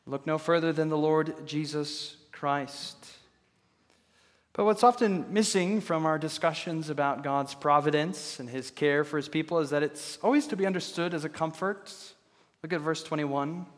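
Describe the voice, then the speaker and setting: A slightly high-voiced man delivers a sermon from the pulpit, measured and earnest, often asking rhetorical questions. His voice rings with the long reverb of a large church hall. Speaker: pastor. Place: church sanctuary.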